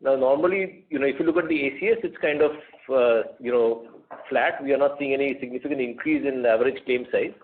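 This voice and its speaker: A man's voice: mid-range voice, fast talker, hardly any pauses, slight background noise. A man, a company executive answering analyst questions unscripted, thoughtful and full of fillers. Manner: thoughtful, hesitant, many fillers. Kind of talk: unscripted answers on an earnings call. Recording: tinny phone line.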